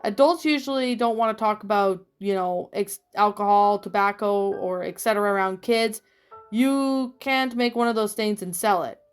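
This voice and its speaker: A woman reading the lines of a quiet, clever boy who speaks matter-of-factly, in a fan fiction reading. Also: medium pitch, moderate pace, smooth, faint music behind, close to an everyday voice.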